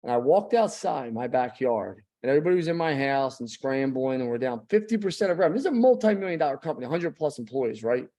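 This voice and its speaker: A man's voice: mid-range voice, big pitch swings, fast talker, hardly any pauses, mellow. A middle-aged man giving a blunt, emphatic motivational talk as a guest speaker.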